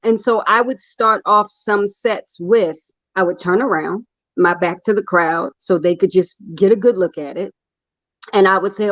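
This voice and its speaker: A woman's voice: mid-range voice, measured pace, no room sound. Woman guest poet, joking and frank, dry close sound, a bit muffled. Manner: candid, humorous storytelling with laughs. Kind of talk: casual chat.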